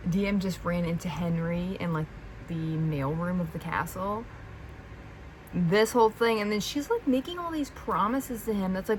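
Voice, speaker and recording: A woman's voice: mid-range voice, moderate pace. Young woman, casual book vlog, chatty, ranting, mid-range voice, faint hiss. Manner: chatty, lots of "like", ranting and exasperated in the clip. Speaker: book vlogger. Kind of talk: casual reading vlog chat. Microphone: phone propped up.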